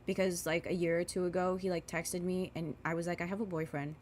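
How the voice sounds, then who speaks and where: A young woman in her twenties rants casually to her viewers while putting on makeup, looping back on herself with fillers and plenty of swearing. Her voice sits on the lower side. A faint hiss of background noise runs under the recording. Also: little pitch movement, fairly quick, a little mellow. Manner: rambling and profane, with many fillers. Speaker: vlogger.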